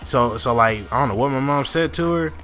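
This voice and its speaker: A young man hosting a gaming channel rambles casually through a long story over gameplay, full of fillers, restarts and frequent swearing. His medium-pitched voice is fairly quick, bright and forceful, with soft music in the background.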